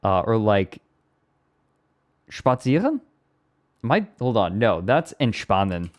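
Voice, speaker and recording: Slow, low-voiced male streamer. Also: big pitch swings. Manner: rambling, self-amused, breaks into laughter. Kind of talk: casual live-stream chat.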